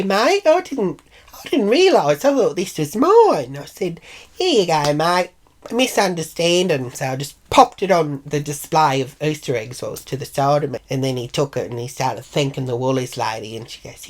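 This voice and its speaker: Middle-aged Australian woman, deep voice, crude and cheeky storyteller. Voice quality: brash, profane, mimics others in high voices. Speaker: vlogger. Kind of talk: casual storytelling.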